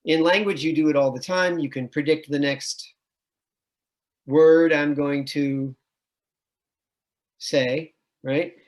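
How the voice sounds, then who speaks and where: A man's voice: on the high side, fairly even intonation, takes it slowly, pauses often. A middle-aged man, a music education professor, presenting an online admissions webinar and patiently explaining with sung and chanted examples.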